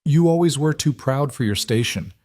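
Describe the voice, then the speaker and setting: A man voicing a haughty, cruel young woman from a wealthy family, speaking with a sharp Boston accent. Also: mid-range voice, animated, moderate pace, no room sound, studio quality, voice pushed up, lightly acted. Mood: scornful. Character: cold mocking rich young woman cousin.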